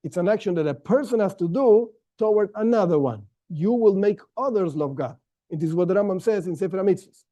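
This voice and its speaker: A man's voice: sits high, animated, fairly quick, dark tone, dull audio. Man teaching a Torah class, stressing words. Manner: explanatory, stresses key words, frequent restarts.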